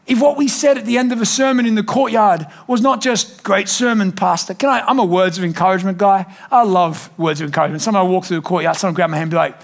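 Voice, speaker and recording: A man preaching a sermon in a church, emphatic and animated, with jokey asides. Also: high voice, quick pace, few pauses. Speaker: pastor.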